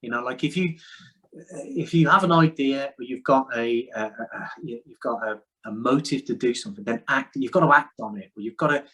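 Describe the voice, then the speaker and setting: A man's voice: medium pitch, brisk, sharp tone, slightly rough, rough recording. Candid, rambling man. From United Kingdom. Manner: candid, rambling, frequent restarts and swearing. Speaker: podcast guest. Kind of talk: casual conversation. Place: outdoors in the sun.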